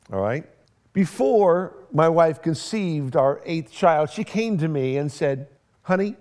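A middle-aged man preaching a sermon as pastor, telling a family story with humor and acting out both sides of the conversations. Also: on the high side. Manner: animated storytelling, acts out both sides of dialogue, self-deprecating humor.

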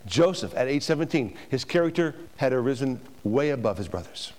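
A man's voice: medium pitch, expressive, fairly quick, a little mellow. A man preaching a sermon to a congregation, emphatic, with rhetorical questions to the room. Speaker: pastor. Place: church before a congregation.

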